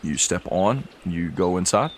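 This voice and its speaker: Low-voiced game master. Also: male voice, a little hiss or hum. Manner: relaxed, halting, with fillers. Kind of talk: narrating a tabletop game.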